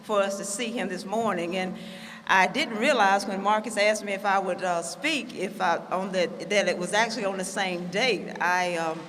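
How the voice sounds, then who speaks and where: A woman's voice: mid-range voice, normal speed, a bit bright, a little hiss or hum. A woman giving a chatty, self-deprecating keynote speech at a conference, with lots of fillers. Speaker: keynote speaker. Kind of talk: public speech. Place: conference hall. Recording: hall reverb, faint ambience.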